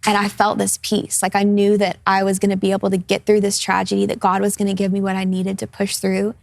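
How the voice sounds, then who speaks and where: A woman's voice: medium pitch, completely flat delivery, fast talker, creaky, a little mellow, no room sound. A woman in her twenties, a talk show guest, sharing her personal testimony in an earnest, open way. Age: 20s. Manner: earnest, open, laughs easily in light moments. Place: television studio.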